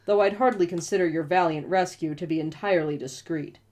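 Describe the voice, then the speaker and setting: A woman reading the lines of a calm, dry young male guard captain in a matter-of-fact tone. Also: fairly high pitch, a little fast, lightly acted. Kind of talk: read-aloud dialogue.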